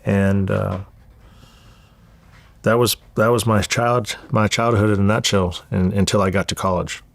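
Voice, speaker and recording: A man from Southern California recounts his past as an interview guest, cursing freely and stumbling over repeated words. His voice sits on the low side, heard close and dry with no room sound around it. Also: steady tone, a little slow, gravelly, no echo. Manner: candid, profane, repeats words as he goes. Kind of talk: storytelling interview.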